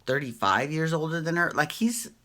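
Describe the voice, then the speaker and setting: A woman's voice: low voice, expressive, normal speed, bright, forceful tone. A woman hosting a casual reality TV recap, chatty and opinionated, swearing freely and often tagging her points with "right?".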